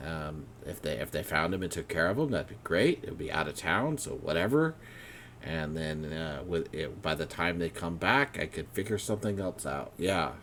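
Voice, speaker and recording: A man's voice: low voice, slight background noise. A man voicing a scheming male official who mutters and hesitates as he talks himself into a plan.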